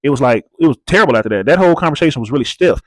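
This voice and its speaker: A man's voice: medium pitch, expressive, racing, no room sound. A man hosting a reality TV recap channel, talking casually and bluntly with slang, swearing and rhetorical questions.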